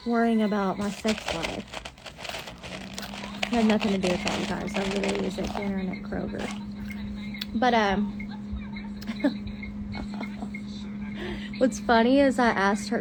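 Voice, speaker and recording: A young woman, talking casually and candidly to her stream viewers, full of fillers and restarts, sounding tired while pregnant and in hospital. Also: medium pitch.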